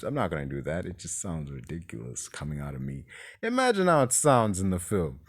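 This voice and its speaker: A low-voiced man rambles through a casual film review. He sounds exasperated, circling back on his points and swearing freely as he goes. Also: wildly swooping pitch, fairly quick.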